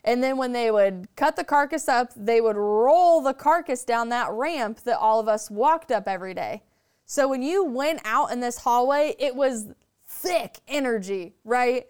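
A woman telling a story as a podcast guest, animated and chatty, swearing freely. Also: on the high side, a little slow, clear, resonant tone. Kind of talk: casual storytelling.

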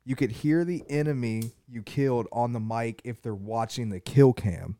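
A man's voice: mid-range voice, warm tone. A man co-hosting a casual gaming podcast, checking facts and reading details aloud to the others. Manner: fact-checking, reads details aloud, quick interjections. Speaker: podcast co-host.

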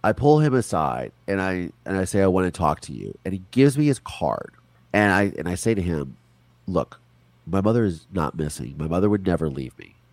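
Deep-voiced man telling his story. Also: moderate pace, no room sound. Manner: animated, quotes people in put-on voices, swears. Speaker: interview guest. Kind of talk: casual storytelling.

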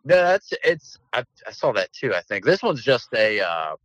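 A man's voice: mid-range voice, moderate pace, dry recording, muffled recording. A young man in casual joking chat about TV, acting out silly voices. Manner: jokey, lively, acts out silly voices.

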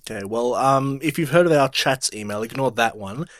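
A man co-hosting a casual film podcast, joking and asking quick questions. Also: medium pitch, no echo, studio quality. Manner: joking, laughs often. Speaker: podcast co-host.

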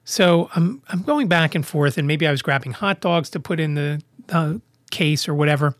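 A man's voice: on the high side, normal speed, no echo, studio quality. Blind man telling a story on his podcast. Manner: animated, acts out both sides of dialogue. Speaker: podcast host. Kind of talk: casual storytelling monologue.

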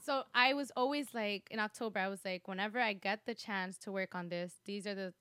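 A woman's voice: medium pitch, brisk, fairly bright tone, clean tone. Giggly, chatty woman on a podcast. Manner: chatty, giggly, lots of fillers like "like". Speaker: podcast guest, vlogger. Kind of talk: casual podcast chat.

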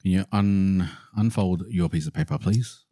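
A man co-hosting a podcast and running a word game, goofy and quick with asides. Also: low voice, warm tone. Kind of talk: casual banter.

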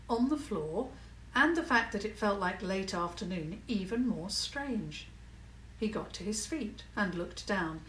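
A woman narrating a children's story in a calm, measured way. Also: mid-range voice, echoey room, distant mic, a little hiss or hum, low-quality recording.

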